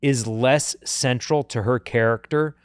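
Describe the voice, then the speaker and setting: A man co-hosting a podcast, chatting casually in an animated, joking way with lots of fillers. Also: medium pitch, clean tone, dry recording, studio quality. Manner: animated, jokey, puts on quick voices, many fillers. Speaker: podcast co-host. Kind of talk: casual chat.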